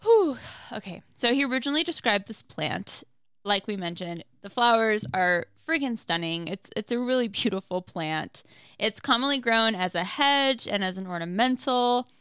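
A woman talks casually on a podcast, reading out facts and breaking in with quick exclamations. Her voice is recorded close and dry. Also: a little high, expressive, fairly bright tone, clear, resonant tone, dry recording. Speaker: podcast co-host.

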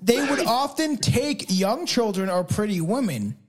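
A man's voice: high voice, lively intonation, unhurried. A man co-hosting a podcast, reading folklore notes in casual chat with frequent laughs and restarts. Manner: rambling, laughing often, restarts. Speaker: podcast co-host.

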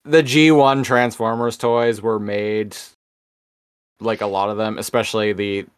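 A man co-hosting a podcast, recapping a cartoon episode in casual chat with halting, repeated words. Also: fairly low pitch, little pitch movement, clean tone, no room sound, clean studio sound. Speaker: podcast co-host.

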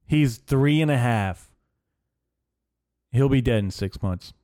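A man's voice: medium pitch, expressive, slow pace, darkish tone, no room sound. A young man hosting his own podcast, ranting in a profane, rambling, sarcastic way into a close microphone. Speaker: podcast host. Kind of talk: casual solo podcast rant. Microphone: studio microphone.

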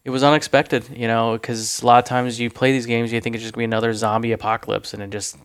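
A man's voice: mid-range voice, little pitch movement, fast talker, clean tone, no echo, studio quality. Easygoing man, casual podcast co-host. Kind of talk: casual chat.

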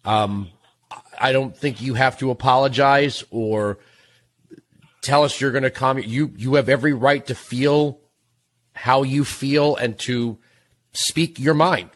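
A man hosting a call-in radio show from a studio, speaking gently and consolingly to a caller. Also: mid-range voice, a little slow. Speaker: radio host.

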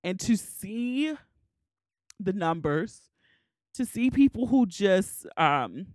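A woman's voice: mid-range voice, lively intonation, slow, a little mellow, no echo, studio quality. Tearful woman podcaster, candid and emotional. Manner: emotional, candid, swears casually. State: tearful, crying. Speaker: podcast host. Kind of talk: solo podcast monologue.

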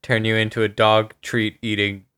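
A man's voice: fairly low pitch, little pitch movement, normal speed, sharp tone, smooth. A man co-hosting a true-crime podcast in casual chat, laid-back and wry, swearing now and then. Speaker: podcast co-host.

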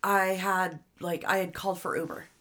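A woman's voice: on the low side, little pitch movement, normal speed, pushed and bright. A young adult woman in casual chat, blunt and emphatic, with lots of swearing.

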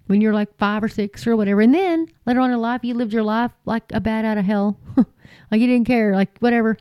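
A woman's voice: fairly high pitch, brisk, no room sound, dull audio. A woman preaching informally and earnestly to her viewers, folksy and repeating phrases for emphasis. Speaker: Christian YouTube preacher.

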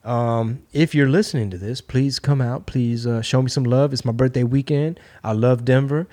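Laid-back cussing man telling stories. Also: normal speed. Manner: laid-back, swearing storyteller; acts out quotes with lively pitch jumps. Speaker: podcast host. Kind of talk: casual chat.

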